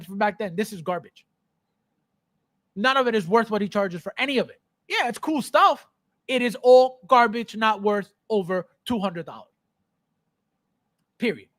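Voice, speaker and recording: This livestream host's very high-pitched voice has a fairly bright tone, captured in a dry recording. He rants off the cuff, emphatic, repetitive, blunt and profane, and reads viewer comments aloud.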